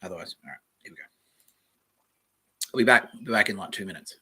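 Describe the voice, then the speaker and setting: A man's voice: deep voice, expressive, fast talker, pushed and bright, slightly rough. An Australian man hosting a solo podcast, reading aloud in a meandering, offhand way and swearing casually. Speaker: podcast host.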